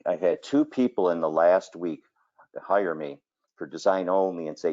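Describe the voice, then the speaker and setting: A kitchen designer talking through a screen-share presentation, telling folksy stories and filling gaps with 'okay' and 'you know'. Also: male voice, low voice, animated, normal speed, a little mellow, muffled recording. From Cleveland area, Ohio.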